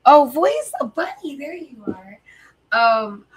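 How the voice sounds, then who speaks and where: A sleepy, tired woman hosts a livestream, chatting casually and rambling with viewers. Her high-pitched voice swings widely in pitch and moves slowly, and her talk is packed with fillers and swearing.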